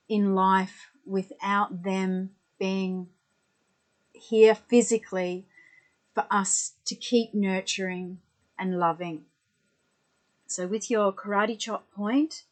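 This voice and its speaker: Woman, energy healer, guided tapping session, very slow, gentle and soothing, middle-aged. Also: medium pitch, low-quality recording. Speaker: energy healing practitioner leading tapping.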